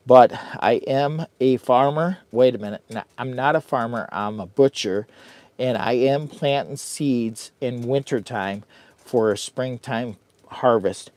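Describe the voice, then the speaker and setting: A man with an everyday middle-pitched voice rambles through a casual camping vlog. He is goofy and self-mocking, talking straight to his viewers while he works around his tent. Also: a little mellow, dry recording. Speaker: vlogger.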